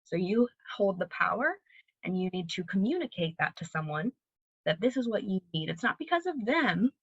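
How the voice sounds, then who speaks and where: Lady teaching a lesson, clear and steady, kinda muffled dry audio. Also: medium pitch, normal speed, no room sound. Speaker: library presenter. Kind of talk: recorded educational presentation.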